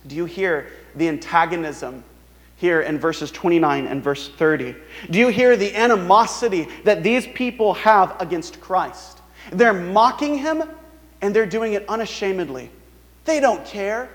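A man's voice: a little slow, long reverb tail. A man preaching a sermon in an earnest, emphatic way. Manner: earnest, emphatic preaching, voices the mockers in a higher sneering tone. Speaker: pastor.

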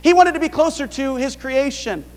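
A man's voice: very high-pitched, normal speed, in a large hall. A male pastor preaching a sermon, pressing his point with rhetorical questions.

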